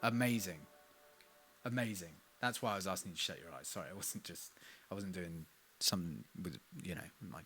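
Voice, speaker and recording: His voice sits low and moves fairly quickly as the young singer-songwriter chats on a live stream mid-session, self-deprecating in soft asides, with faint music behind him.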